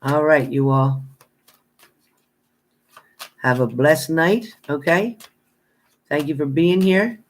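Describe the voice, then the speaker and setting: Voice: medium pitch, slow pace, pauses often. Chatty, blunt tarot reader on a live stream. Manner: chatty, greets viewers by name; laughs often, playful banter. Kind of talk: casual live-stream chat with viewers.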